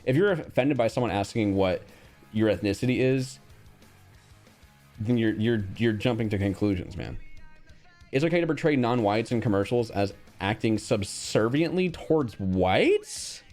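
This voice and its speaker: A man's voice: on the low side, expressive, moderate pace, a little mellow, faint music behind. A young man streaming casually, reacting bluntly to a quiz with frequent swearing and reading out chat.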